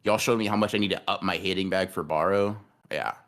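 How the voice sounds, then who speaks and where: A man's voice: low voice, fast talker, a bit bright. A man co-hosting a podcast in a casual livestream chat, rambling and cursing, often repeating his words. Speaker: podcast co-host.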